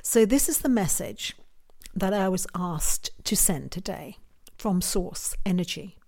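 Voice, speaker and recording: A woman's voice: lowish voice, expressive, a little slow, a little mellow. A woman giving tarot card readings on a live stream, earnest and musing, with hesitant restarts as she answers viewer comments. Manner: reads viewer comments aloud and answers them.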